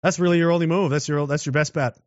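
A man's voice: on the high side, fairly even intonation, fast talker, dry recording. A man giving a casual monologue, rambling with restarts and rhetorical questions. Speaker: political commentator. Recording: dull lo-fi dry recording.

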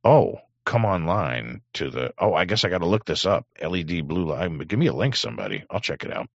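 A man's voice: deep voice, animated, a little fast, no room sound, muffled recording. A middle-aged man hosting a livestream, reading chat aloud in a sardonic, rambling way with many fillers. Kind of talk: casual livestream commentary.

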